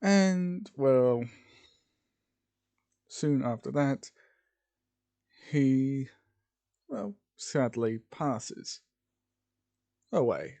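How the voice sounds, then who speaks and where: A man's voice: medium pitch, lively intonation, extremely slow, vocal fry, pauses often, mellow. A man casually narrating a fan-fiction story, with rambling informal asides.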